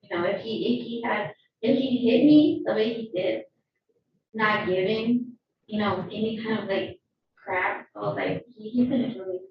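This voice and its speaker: A woman giving shaken, halting testimony as a witness in a courtroom. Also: fairly high pitch, vocal fry, slight background noise. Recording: echoey, distant, dull courtroom audio.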